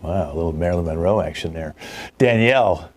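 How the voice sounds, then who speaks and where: Older man, very deep voice, improv host, dry joking asides, online video call. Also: a little fast, darkish tone. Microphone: video call mic.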